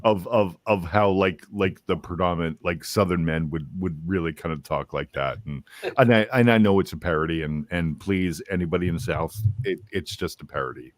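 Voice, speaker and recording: A man's voice: deep voice, a little fast, few pauses. A young man chatting casually and joking, often stammering and repeating his words. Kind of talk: casual chat. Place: lives in the US South.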